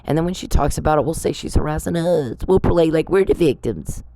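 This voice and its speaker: The host of her own podcast, a woman with a low, warm, animated voice, speaks fairly quickly on poor audio with no echo. It's an angry personal monologue: she tells a story bluntly, swears, and directly accuses the person she's addressing.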